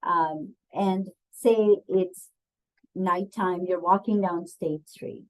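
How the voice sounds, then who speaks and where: Speaking slowly in a lowish, steady voice, a woman who trains people on diversity and bias leads a webinar on the topic. Her delivery is chatty and full of ums, and she regularly quizzes her audience. The recording is of poor quality.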